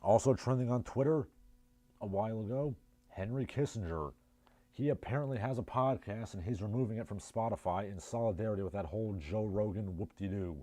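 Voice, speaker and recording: A man's voice: lowish voice, brisk, warm tone, no echo. A man with a New Jersey accent hosting a casual livestream, reading chat messages and riffing with sardonic, rambling asides. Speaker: livestream host.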